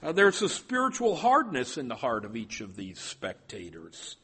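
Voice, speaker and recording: A man's voice: medium pitch, huge pitch swings, normal speed, bright, forceful tone, breathy edge. A male pastor preaching a sermon, stopping often and repeating his words as he goes.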